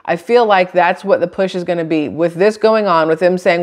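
A woman with a lower-pitched voice talks straight to her camera microphone. She reads news items aloud and then cuts in with blunt, chatty opinions of her own. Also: brisk, a little mellow. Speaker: channel host. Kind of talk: casual commentary reading news.

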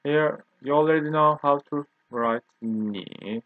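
In a dry, tinny, phone-like recording without echo, a language teacher drills vocabulary by slowly repeating each word. He's a man from Turkey whose first language is Turkish, and his voice is a little high.

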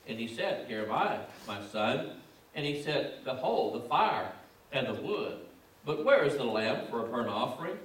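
A man's voice: medium pitch, big pitch swings, normal speed, fairly bright tone. A man preaching a sermon, reading scripture and building to emphatic, repetitive exhortation. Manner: emphatic, repetitive preaching cadence with rising fervor. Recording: echoey room, distant mic.

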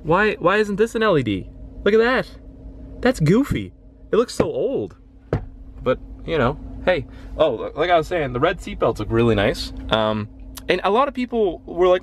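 A man's voice: on the high side, sing-song, normal speed, a little hiss or hum. A young man from Canada rambling casually through a walkthrough of his car, swearing freely and apologizing often. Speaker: gaming vlogger. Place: inside a parked car.

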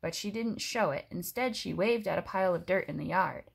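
A woman reading a picture book aloud to a child, expressive, pausing to explain things. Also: on the low side, gravelly, husky. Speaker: story reader.

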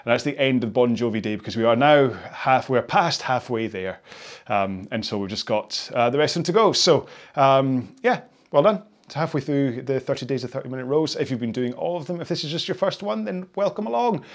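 A man's voice: mid-range voice, expressive, a little fast. A man leading a rowing workout cool-down, chatting in a rambling, self-deprecating way and often apologizing as he gives stretching cues. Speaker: indoor rowing instructor. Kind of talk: casual workout cool-down chat.

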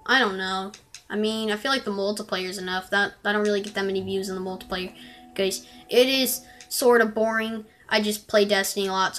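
A woman's voice: mid-range voice, fairly bright tone. A woman giving rambling, chatty gameplay commentary that breaks into frustrated exclamations. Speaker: gaming video creator.

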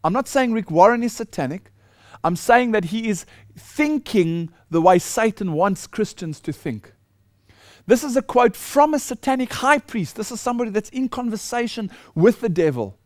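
A man's voice: high voice, animated, moderate pace, no room sound, studio quality. A man preaching a lecture-style sermon, emphatic and indignant as he rebuts quoted claims. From South Africa.

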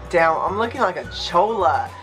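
Give me a man vlogging with friends, loud and swearing, laughing and shrieking high when excited, over background music. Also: normal speed. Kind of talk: rowdy casual chat with friends.

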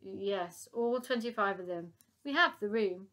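A woman reading aloud, voicing an elderly queen who is weary but kind, in a measured, softly regal manner. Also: mid-range voice, lively intonation.

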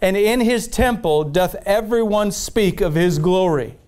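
A man's voice: high-pitched, measured pace, darkish tone, smooth. A man preaching a sermon with passion, repeating phrases and reading scripture aloud. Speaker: pastor.

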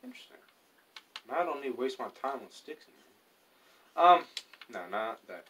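A man's voice: mid-range voice, lively intonation, a little fast, fairly bright tone, far from the mic, slight background noise. A man casually chatting and rambling to himself while playing a survival game, telling offhand stories. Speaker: gaming YouTuber. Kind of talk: casual gameplay commentary.

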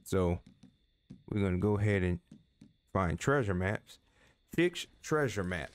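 A man's voice: deep voice, expressive, a little slow, no echo. A man doing a let's play, joking and coaxing his in-game horse, voice rising and falling a lot, loose casual talk. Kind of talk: casual gameplay commentary.

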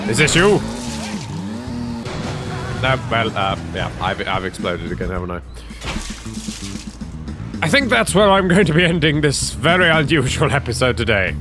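A man's voice: mid-range voice, big pitch swings, moderate pace, long pauses, music in the background. An English man hosting a let's play, commentating on gameplay in an exasperated, joking way with plenty of swearing.

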